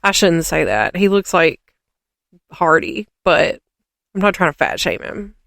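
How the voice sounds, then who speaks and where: A woman's voice: on the low side, sing-song, a little slow, creaky, fairly bright tone, no echo, clean studio sound. A woman co-hosting a podcast, rambling and ranting in casual chat with lots of fillers. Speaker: podcast co-host.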